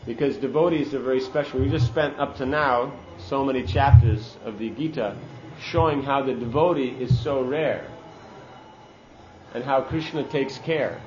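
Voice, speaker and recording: A man's voice: medium pitch, moderate pace, roomy sound, highs cut off, background noise. A man giving a sermon-style scripture class, earnest and emphatic, using Sanskrit terms.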